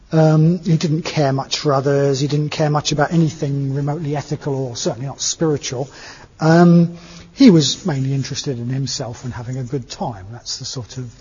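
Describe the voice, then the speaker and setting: A man's voice: on the high side, darkish tone, breathy edge. A man giving a conversational Buddhist teaching talk to a group, often checking in with questions like "isn't it?". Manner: conversational, seeking agreement with tag questions. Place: meeting hall with a live audience. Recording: dull lo-fi recording in an echoey hall.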